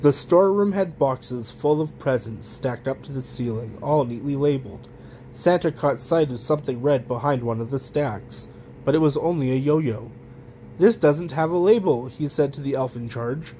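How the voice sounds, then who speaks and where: A man reading a children's picture book aloud in a gentle, even storytelling manner. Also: mid-range voice, moderate pace, slight background noise. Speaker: storybook reader.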